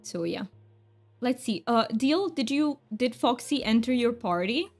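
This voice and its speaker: A woman's voice: a little high, lively intonation, unhurried, darkish tone, faint music behind. A woman game streamer chatting casually with her viewers, self-deprecating and thanking chat.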